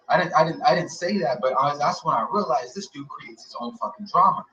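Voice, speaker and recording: A man's voice: on the high side, fast talker, hardly any pauses, pushed and bright, distant mic, lo-fi sound, a little hiss or hum. A man telling a long personal story in a rambling, profane way, with many fillers and restarts. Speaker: guest recounting an experience.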